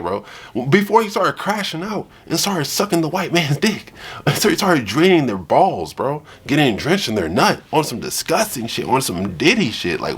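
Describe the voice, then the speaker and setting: A man ranting in a heated, profane way while reacting to a clip with friends. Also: on the high side. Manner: animated, emphatic, swearing.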